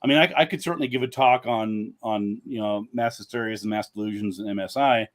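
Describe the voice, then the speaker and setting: A man's voice: on the low side, fairly quick. Rambling man with many fillers. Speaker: guest author. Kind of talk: casual live-stream chat.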